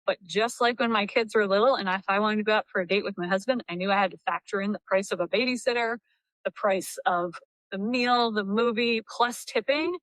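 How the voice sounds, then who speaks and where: A middle-aged woman co-hosting a podcast, explaining her view in a measured casual chat. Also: mid-range voice, a bit bright, dry recording, low-quality recording. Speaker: podcast co-host.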